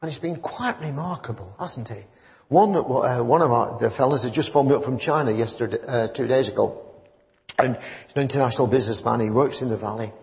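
A man's voice: medium pitch, a little fast, darkish tone. A man gives a loose, story-filled sermon, wandering between anecdotes before pressing his point with fervour. The recording is dull and muffled. His voice rings with the long reverb of a church hall. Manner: rambling, conversational, rising to fervent emphasis. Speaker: preacher.

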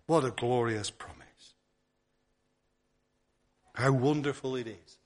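A man preaching a sermon, earnest, often repeating words and restarting, dropping softly on key words. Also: mid-range voice, takes it slowly, long pauses. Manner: drops to a soft near-whisper on key words.

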